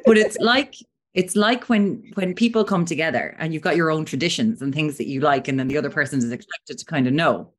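An Irish woman in her thirties co-hosting a casual chat podcast, telling animated stories and acting out what people said. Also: sits low, fairly quick. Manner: animated storyteller, acts out quotes. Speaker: podcast co-host.

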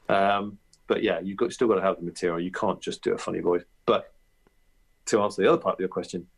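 A middle-aged comedian as an interview guest, talking animatedly about his craft and slipping into voices. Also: deep voice. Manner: animated, jumps into character voices. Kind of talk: podcast interview.

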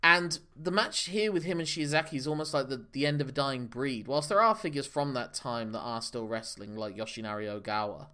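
A man's voice: mid-range voice, fairly quick, few pauses, bright, forceful tone. A man co-hosting a casual podcast, explaining things at length in a knowledgeable way. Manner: knowledgeable, long explanatory runs. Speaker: podcast co-host. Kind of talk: casual wrestling podcast chat.

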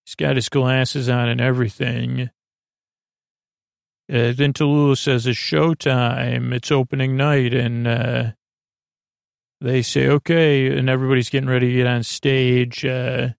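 A man drifts through a rambling recap, filling every pause with ums and uhs. His voice is gravelly with fry and stays flat and even. The sound is close and dry, with no room around it. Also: mid-range voice, no room sound. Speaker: podcast host. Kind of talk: sleepy casual episode recap.

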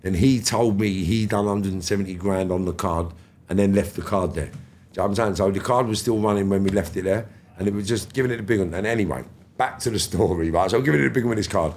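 A middle-aged man, with a low, gravelly voice. He tells his stories in a loose, animated way and acts out the dialogue, full of slang and swearing. This is a casual podcast interview. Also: quick pace. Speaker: podcast guest.

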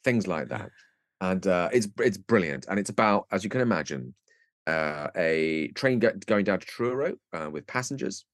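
A man with a very low, deep voice chats as a podcast guest, telling a story with gusto and dropping into comic voices. The sound is close and dry, with no room around it. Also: expressive, moderate pace, no room sound. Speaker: guest actor. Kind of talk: casual podcast chat.

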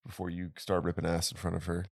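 A young man co-hosting a podcast, dropping low-key, wry asides in a casual chat. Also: completely flat delivery, fast, vocal fry, darkish tone, dry recording, clean studio sound. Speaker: podcast co-host.

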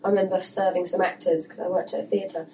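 An English actress chatting casually on a podcast, telling stories and acting out the people in them. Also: female voice, on the low side, flat delivery, fast, mellow, recorded from a distance. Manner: chatty storyteller, acts out quoted voices. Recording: noisy room, voice away from mic.

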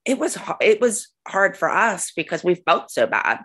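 A woman's voice: medium pitch, sing-song, normal speed, a bit bright. A middle-aged woman co-hosting a podcast, talking frankly and casually with many fillers and restarts. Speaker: podcast co-host. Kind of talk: casual chat.

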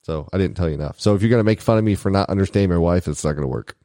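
A man's voice: low voice, racing, warm tone, no room sound, studio quality. A married man in casual banter with friends, joking and laughing often and poking fun at himself. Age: adult, married. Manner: jokey, laughs often, self-mocking. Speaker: podcast co-host.

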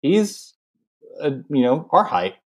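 A young adult man co-hosts a casual film podcast and wanders into heated tangents. His pitch swings widely as he talks, and he fills his sentences with loose fillers. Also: takes it slowly. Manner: animated, ranting tangents, many "like" fillers. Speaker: podcast co-host. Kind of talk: casual film recap chat.

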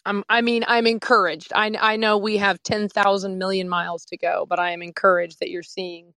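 A woman hosting a panel over a video call, upbeat and quick to laugh. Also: mid-range voice, flat delivery, fairly bright tone, dry recording. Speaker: panel host.

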